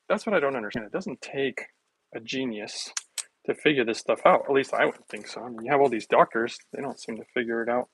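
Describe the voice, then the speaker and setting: Gravelly-voiced man chatting on a phone. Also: mid-range voice, fairly bright tone, slight background noise. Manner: rambling, chatty, sarcastic asides. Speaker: host of a health livestream. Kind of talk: casual livestream chat while making a smoothie.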